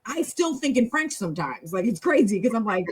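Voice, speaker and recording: A woman's voice: a little high, big pitch swings, a little fast, husky, rough recording. A woman hosting a language club, teaching in a chatty, encouraging, long-winded way on a casual live stream.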